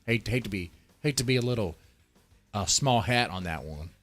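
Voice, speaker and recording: A man's voice: fairly low pitch, animated, normal speed, fairly bright tone, soft background music. Man in an exaggerated Southern drawl. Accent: exaggerated put-on Southern US drawl. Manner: loose, joking, drinking on stream, drawling. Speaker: streamer. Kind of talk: casual live-stream chat.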